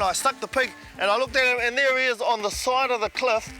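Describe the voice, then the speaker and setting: A man telling a hunting yarn in a lively, colloquial way. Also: very high voice, a little fast, few pauses, soft background music. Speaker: storyteller. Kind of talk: casual anecdote.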